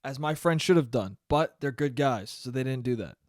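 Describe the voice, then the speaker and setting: A young man hosting a solo comedy podcast, ranting sarcastically and swearing constantly, swinging between yelling and low mumbling. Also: lively intonation, moderate pace, no room sound, clean studio sound. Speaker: podcast host.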